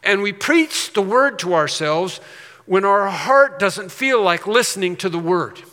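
A man's voice: high voice, animated, measured pace, sharp tone. A man preaching a sermon as pastor, emphatic, repeating phrases and rising on key points. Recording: reverberant hall.

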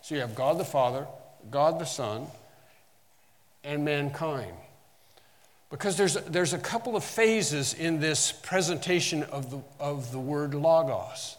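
A man's voice: a little high, a little slow, long reverb tail. A man teaching a Bible lesson as a sermon, quoting verses with emphasis and often restarting phrases.

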